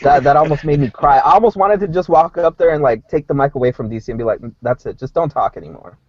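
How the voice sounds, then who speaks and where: A man's voice: fairly high pitch, fast, darkish tone, dry recording, muffled recording. A man co-hosting a casual podcast about fighting. He retells events with animation and laughs often. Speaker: podcast co-host. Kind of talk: casual MMA chat.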